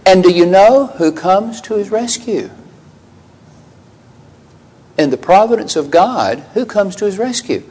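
A man's voice: a little mellow, low-quality recording. A man teaching through a Bible passage verse by verse, asking rhetorical questions and acting out the quoted lines. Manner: conversational, asks listeners rhetorical questions; acts out quoted lines with raised pitch.

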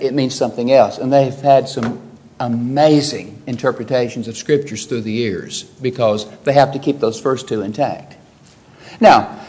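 Earnest preacher man, slightly high voice. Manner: emphatic, earnest, with wide swings in pitch and loudness. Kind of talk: expository sermon.

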